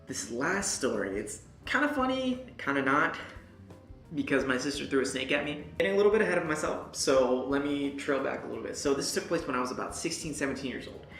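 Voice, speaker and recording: Animated young woman telling a story. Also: deep voice, fairly quick, faint music behind. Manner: animated, swearing, talks straight to the viewer. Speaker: vlogger. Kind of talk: casual storytelling vlog. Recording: echoey room.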